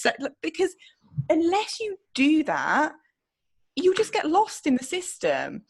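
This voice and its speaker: Animated outspoken woman. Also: sits high, normal speed. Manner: animated, blunt and outspoken, swears freely. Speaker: podcast co-host. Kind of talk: casual chat.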